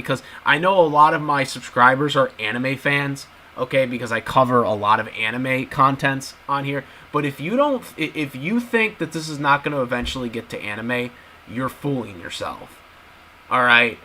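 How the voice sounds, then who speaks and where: With a pushed, bright voice of medium pitch, a YouTube commentator casually addresses his viewers as "guys" and emphatically repeats what he says. The low-quality recording has slight background noise.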